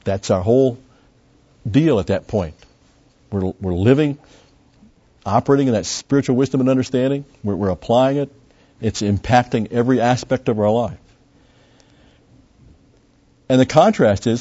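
This preacher's mid-range voice is animated and slightly breathy, moving at a moderate pace. He teaches through scripture, stressing key words by getting louder, stumbling into fillers and restarts, all on a dull lo-fi recording.

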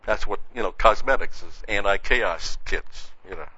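A man's voice: lowish voice, normal speed, sharp tone, no room sound. A man preaching a verse-by-verse sermon in a conversational way, often saying "see" and "you know.". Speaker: pastor. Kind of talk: sermon, verse-by-verse Bible teaching. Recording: dull, muffled lo-fi sound.

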